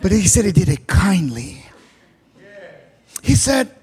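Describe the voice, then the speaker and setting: A man preaching a sermon in a shouted, sing-song delivery, with frequent "uh" fillers between phrases. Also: high voice, big pitch swings, takes it slowly, pauses often, breathy edge.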